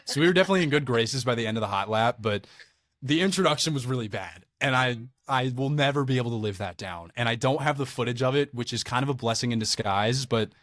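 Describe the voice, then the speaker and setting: A young man from Alabama, a podcast guest telling lively stories in casual chat, swearing now and then. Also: mid-range voice, quick pace, no room sound, clean studio sound. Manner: animated storyteller, swears casually.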